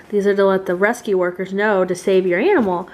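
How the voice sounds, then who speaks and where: A woman's voice: mid-range voice, darkish tone. A woman vlogger chatting to her camera at home, telling a story in a rambling, emotional, giggly way. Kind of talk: casual chat to camera.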